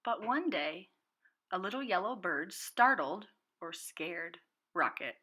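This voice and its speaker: A preschool teacher reading a storybook aloud to children and clearly explaining new words. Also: female voice, lowish voice, expressive, slow, pushed and bright. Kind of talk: storybook read-aloud lesson.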